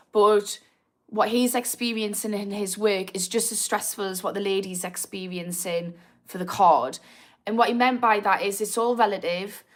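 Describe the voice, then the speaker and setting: A woman with a Geordie accent and a slightly posh edge, chatting frankly on a livestream and answering viewers' comments as host. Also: medium pitch. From Newcastle, England. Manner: frank and chatty, swears freely, reads comments aloud. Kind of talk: casual live-stream chat.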